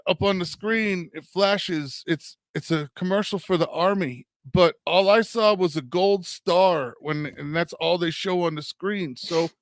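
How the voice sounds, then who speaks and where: A man's voice: high voice, vocal fry, no room sound. Rambling, swearing man telling a story. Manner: rambling storyteller, swears freely, stammers and restarts. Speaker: podcast co-host. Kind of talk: casual chat.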